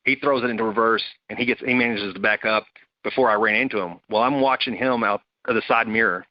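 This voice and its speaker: A man's voice: on the low side, no echo. A man, a Marine veteran, telling a story casually and acting out the quoted voices of his buddies. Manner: animated, acts out quoted voices. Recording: dull, dry close recording.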